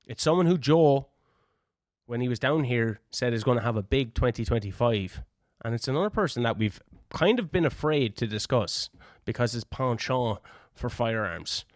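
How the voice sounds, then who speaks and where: An Irish man co-hosting a wrestling podcast in casual chat, teasing his co-hosts with quick interjections. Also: mid-range voice, animated, no echo, studio quality. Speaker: podcast co-host.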